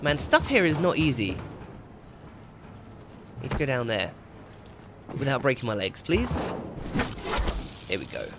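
A man's voice: mid-range voice, huge pitch swings, measured pace, long pauses, noisy background. A man commentating his own video game play, yelping and swearing whenever he gets startled. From England. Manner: jumpy, yelps and swears when startled. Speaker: gaming YouTuber.

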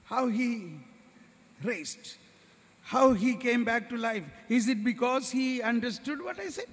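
A man's voice: very high-pitched, animated, slow. A man with an Indian English accent preaching a sermon at a workshop, telling stories and acting out the voices of others. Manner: storytelling, acts out voices of others. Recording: reverberant hall.

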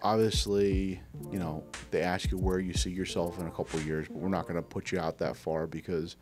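Man, podcast host, very low voice, rambling anecdotes, casual chat. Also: fairly quick, over music. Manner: rambling storyteller, animated quoting.

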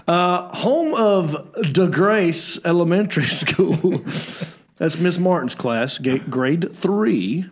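A man hosting a casual comedy chat show, animated and teasing as he jokes with his co-hosts. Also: fairly high pitch. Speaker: show host.

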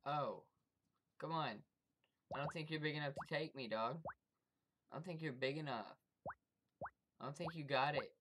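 A gameplay commentator who trash-talks enemies in profane, excitable bursts and yelps when startled. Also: mid-range voice, moderate pace, long pauses, noisy background. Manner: taunts the game's enemies directly. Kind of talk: let's-play commentary.

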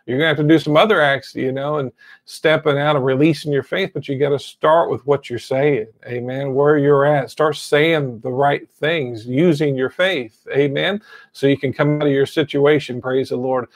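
A pastor preaching a sermon, retelling a story and saying amen again and again. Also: male voice, medium pitch, steady tone, moderate pace, no room sound. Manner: repeats amen often, storytelling.

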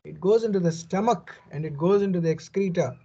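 A man's voice: high voice, fairly quick, creaky, dark tone, slightly rough, muffled recording. A man giving a verse-by-verse Bible commentary, reading passages and explaining them earnestly and emphatically, often saying "you know". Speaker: Bible teacher.

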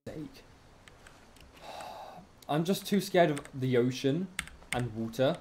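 A streamer giving excitable let's-play commentary, taunting enemies in the game. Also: medium pitch, slow, a little hiss or hum. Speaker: gaming streamer.

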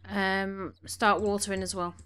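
A woman's voice: medium pitch, little pitch movement, measured pace, fairly bright tone, clean tone. A woman giving casual gameplay commentary, chatting along and bossing her game characters around, a little snuffly from allergies. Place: home room.

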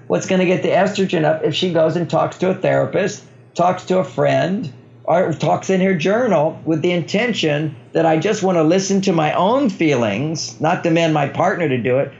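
A man's voice: a little high, vocal fry. An older man, a relationship author, explaining his ideas as an interview guest and acting out quoted dialogue. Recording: dull lo-fi sound.

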